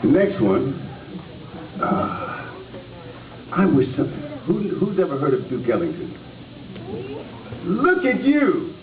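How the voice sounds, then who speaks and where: A man's voice: mid-range voice, a little slow, long pauses. Man reading aloud to children in an echoey hall. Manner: lively, playful, asks the children questions. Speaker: actor reading to schoolchildren. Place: school hall. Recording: tinny distant echoey hall recording with noise.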